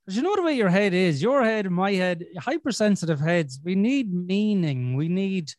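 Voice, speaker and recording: A man's voice: sits high, animated, moderate pace, dry recording, clean studio sound. A man hosting a podcast in casual chat, blunt and sweary with a self-deprecating streak. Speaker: podcast host.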